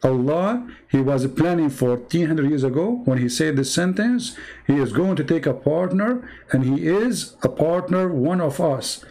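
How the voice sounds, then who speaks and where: A slightly high, animated, mellow male voice at a somewhat slow pace. He's a native Arabic speaker from the Middle East, hosting a live stream in Arabic-accented English with broken grammar and sarcastically mocking his opponent.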